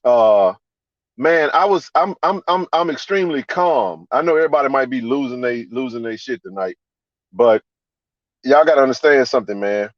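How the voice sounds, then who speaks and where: A man's voice: normal speed, dry recording. A man hosting a live sports reaction stream, ranting in a fired-up, profane way and repeating himself for emphasis. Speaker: podcast host. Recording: dry, dull low-fi sound.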